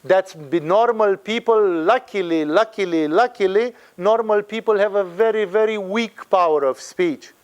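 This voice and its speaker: A man's voice: high voice, moderate pace, few pauses, clear, resonant tone, lo-fi sound. A man giving a spiritual talk, emphatic and fond of acting out the people he quotes. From Romania. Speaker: spiritual teacher.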